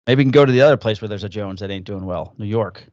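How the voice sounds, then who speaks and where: A man's voice: on the low side, quick pace, a little mellow, no room sound, dull audio. A man co-hosting a podcast, chatting loosely and swearing through easygoing banter. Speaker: podcast co-host. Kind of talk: casual chat. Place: at home, recording remotely.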